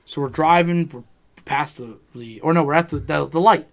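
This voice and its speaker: A man's voice: on the high side, normal speed, creaky. A man in casual chat, telling a rambling personal story, swearing freely and acting out what people said.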